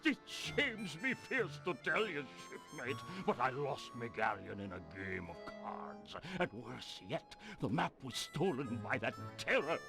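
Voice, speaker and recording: A gruff old pirate barkeep from a video game. His voice is slow and gravelly, full of pirate slang and barbs. Game music plays behind him. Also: mid-range voice, very animated. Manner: salty pirate slang, trading insults. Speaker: game character.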